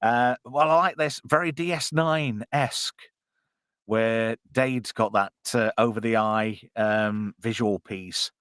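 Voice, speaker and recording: A man's voice: mid-range voice, fairly even intonation, takes it slowly, fairly bright tone, clean tone, no echo, clean studio sound. A man hosting a casual, jokey live-stream commentary on a film. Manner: chatty, jokey, puts on silly voices. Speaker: podcast co-host.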